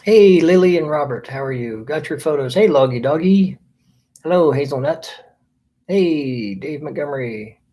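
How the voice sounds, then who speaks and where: A man's voice: on the high side, animated, moderate pace, dark tone. A man hosting a casual live stream, greeting viewers by name as they join. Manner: friendly, reads out viewer names one by one.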